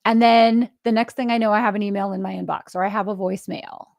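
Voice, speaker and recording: Animated middle-aged woman podcast host. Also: medium pitch, quick pace, creaky, no echo, studio quality. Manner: animated storyteller acting out quoted dialogue; laughs often mid-story. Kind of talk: casual interview conversation.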